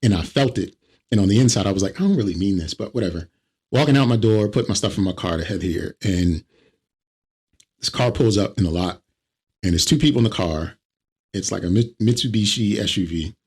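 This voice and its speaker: A man co-hosting a comedy podcast, telling stories in an animated way and mimicking the people in them. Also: on the low side, brisk, breathy edge. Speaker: podcast co-host. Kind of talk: casual comedic chat.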